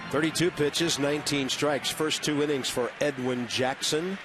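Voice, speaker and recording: A man calling baseball play-by-play from a ballpark booth, brisk and conversational with wry asides. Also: a little high, fairly even intonation, music in the background. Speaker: play-by-play announcer. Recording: noisy broadcast audio.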